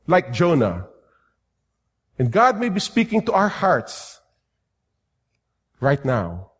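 Animated preacher man in an echoey hall. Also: on the high side, breathy edge. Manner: animated, acts out comic voices mid-sermon. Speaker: pastor. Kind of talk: sermon.

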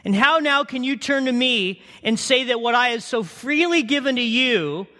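A stern but compassionate God, as a preacher puts him on delivers an emphatic, pleading rebuke in a high, bright, forceful voice. A long hall reverb trails behind every line. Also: male voice, lively intonation, moderate pace, exaggerated voice.

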